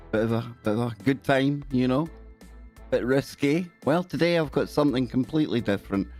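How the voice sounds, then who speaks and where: A man's voice: medium pitch, a little mellow. A man hosting a live stream, reading odd news stories in a cheeky, joking way and often breaking into laughter.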